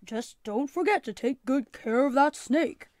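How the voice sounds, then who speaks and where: Easygoing storybook dad, woman reading him, steady, dry sound. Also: high-pitched, unhurried, no room sound. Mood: calm. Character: calm, gently teasing father.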